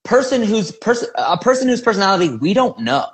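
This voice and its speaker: A man's voice: high-pitched, sing-song, fairly quick. A man co-hosting a podcast in casual chat, rambling and often restarting his sentences. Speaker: podcast co-host.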